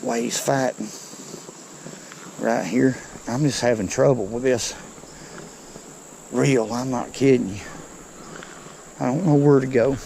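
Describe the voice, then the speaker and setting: A man, giving excited, folksy commentary to viewers while he fishes a creek outdoors. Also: mid-range voice, takes it slowly, vocal fry, pauses often, a little hiss or hum, poor audio. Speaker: fishing vlogger.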